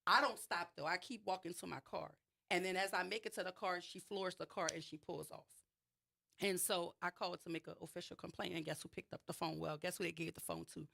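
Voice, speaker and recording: A woman's voice: fairly low pitch, steady tone, a little fast, creaky, pushed and bright. A woman with a New Orleans accent, a radio show guest recounting a personal story with emphasis and frequent restarts. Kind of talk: radio interview, personal account.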